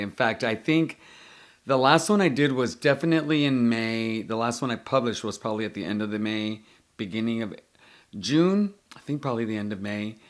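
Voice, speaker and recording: A middle-aged man hosting his own tarot channel, chatting casually and with self-mocking, playful melodrama. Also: medium pitch. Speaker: tarot vlogger, channel host. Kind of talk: casual vlog chat.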